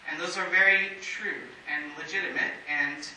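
A man pastor giving a sermon in a church, speaking in a measured way with emphatic pauses. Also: on the high side, steady tone, bright, forceful tone. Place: church sanctuary. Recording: very echoey hall, distant mic, faint hiss.

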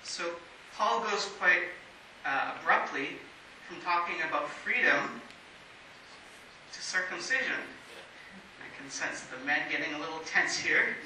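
A man preaches a sermon in a measured way, leaning on emphatic pauses. His voice sits high and sounds piercingly bright. It is recorded from a distance in a church that echoes heavily, with a faint hiss underneath. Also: expressive. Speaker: pastor. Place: church sanctuary.

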